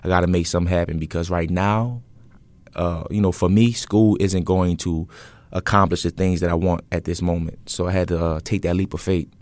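Deep-voiced young man, earnest and relaxed. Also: fairly quick, dry recording. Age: 20s. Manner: relaxed and earnest, lots of fillers and restarts. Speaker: interview guest, entrepreneur. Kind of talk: casual interview storytelling.

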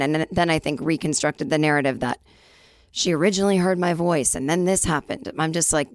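A chatty woman in her forties tells a story on her podcast, acting out the people she quotes. Her voice sits low and is slightly raspy, recorded close and dry with no room sound. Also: brisk, no room sound. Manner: chatty, self-deprecating, acts out quoted voices. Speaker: podcast host. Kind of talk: casual storytelling monologue.

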